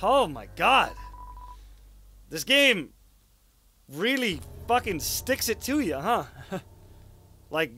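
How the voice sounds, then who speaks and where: A man's voice: high-pitched, big pitch swings, slow pace, pauses often, bright, forceful tone, slight background noise. A young man casually commenting on his gameplay, cursing and mocking himself. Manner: casual, swearing, self-mocking, laughs often. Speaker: let's play host.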